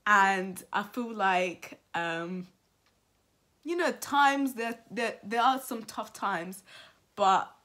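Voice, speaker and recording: A woman's voice: mid-range voice, expressive, drawn-out words, fairly bright tone. Heartfelt woman in her twenties vlogging. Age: 20s. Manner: heartfelt, repeats phrases for emphasis; emotional, close to tears at times. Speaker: vlogger and entrepreneur. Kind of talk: reflective birthday vlog talk. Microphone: camera mic, talking to camera.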